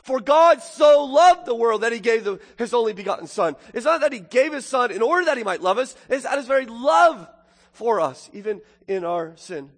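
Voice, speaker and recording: A man preaching a sermon, swinging from booming exclamations to hushed, intimate asides. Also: animated, normal speed, big-room sound. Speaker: pastor.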